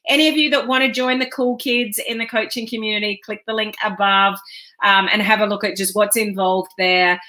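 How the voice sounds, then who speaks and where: A woman's voice: mid-range voice, fairly even intonation, a little fast, pushed and bright. A woman business coach hosting a casual live stream, talking in a chatty, rambling way with frequent ums.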